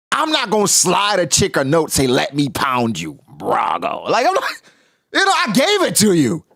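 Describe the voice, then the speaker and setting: An excitable man gives casual reaction commentary, his voice gravelly and a little husky. His pitch swings widely as he exclaims and jokes. The sound is dry and close. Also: no echo. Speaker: manga reaction streamer.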